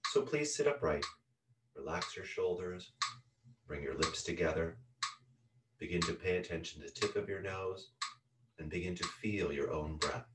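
A male yoga teacher guiding breathing exercises, calmly counting each breath in and out. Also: low voice, heavy background noise. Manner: calm, unhurried counting of breaths. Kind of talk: guided yoga breathing instruction. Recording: roomy sound from a distant mic with a loud ticking metronome. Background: metronome clicking once a second.

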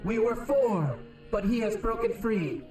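An actor voicing a solemn alien council that speaks slowly and formally. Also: male voice, high voice, expressive, a little mellow, roomy sound, recorded from a distance, faint music behind.

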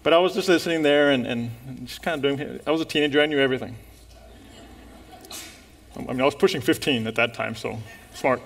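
A male pastor preaching a sermon, lively and animated, firing rhetorical questions and laughing with the congregation. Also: mid-range voice, brisk, gravelly, slight background noise.

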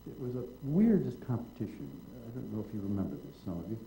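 An older man with a low, very dark and mellow voice spins a wry, digressive story on stage. He slips into the voices of the people he describes. The sound carries a roomy hall echo. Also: sing-song, fast, slight background noise. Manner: wry, digressive storyteller who acts out quotes. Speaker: guest writer in public conversation. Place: auditorium at a public event.

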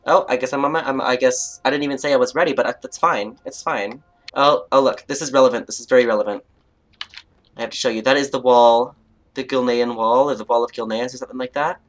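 A woman's voice: rumbling low, steady tone, quick pace. A young woman with a Canadian accent giving playful, chatty commentary while playing a game and reading quest text aloud. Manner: playful and chatty, mock outrage, jokey asides. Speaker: let's play host.

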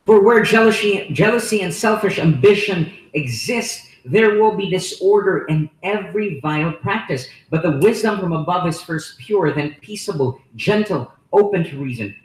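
A Filipino-accented man preaches with emphasis, hammering key words and throwing rhetorical questions at his listeners. His voice sits somewhat high for a man. The recording has a roomy echo, as in a church hall. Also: animated, normal speed, hardly any pauses. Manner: repeats and stresses key words. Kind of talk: sermon. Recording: echoey room.

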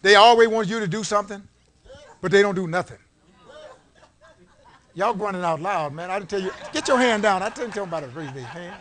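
A man preaching a sermon in a church, leading call-and-response and swinging from low talk to shouted peaks. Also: animated, fairly quick, pauses often. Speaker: pastor. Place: church sanctuary before a congregation. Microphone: live-streamed service mic.

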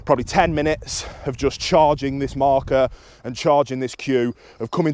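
A British man with an everyday middle pitch talks through dog training in a calm, instructive way. His voice is dry and close, with little room sound around it. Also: moderate pace, no echo. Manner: calm and instructive, with high excited praise to the dog. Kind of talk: explaining to camera while training outdoors.

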